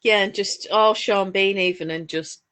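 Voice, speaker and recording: A woman's voice: mid-range voice, steady tone, normal speed, fairly bright tone, smooth. A woman with a Northern English accent, co-hosting a knitting chat, telling stories with rambling asides. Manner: chatty storyteller, rambling asides. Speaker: podcast co-host. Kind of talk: casual chat while knitting.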